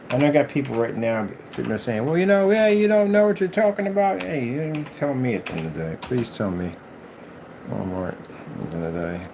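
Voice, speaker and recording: Guy ranting about game consoles, super exasperated, keeps jumping way up in pitch, faint hiss behind. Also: gravelly. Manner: exasperated, animated ranting with mocking put-on quotes. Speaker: gaming video host. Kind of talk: ranting commentary over clips.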